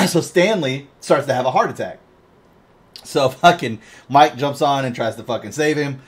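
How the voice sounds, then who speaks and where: A podcast co-host with a husky, mid-range voice chats casually at normal speed, animatedly retelling a story while swearing constantly and laughing often.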